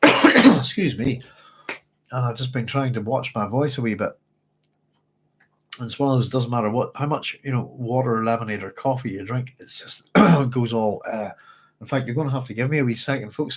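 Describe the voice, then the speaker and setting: A man's voice: medium pitch, moderate pace, husky, poor audio. A man hosting a livestreamed book discussion who rambles hesitantly, with many fillers, while speaking with a dry, strained throat. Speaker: book club host.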